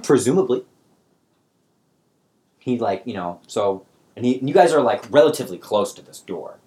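A man's voice: medium pitch, animated, normal speed, warm tone. A man narrating as game master for a tabletop game, talking in a loose, rambling way. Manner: loose and rambling, many fillers and restarts.

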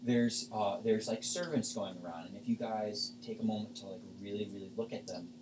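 A man serving as game master narrates a tabletop game in a casual, rambling way with lots of fillers. His voice is fairly low and brisk. He's far from the mic in an echoey room with a noisy background.

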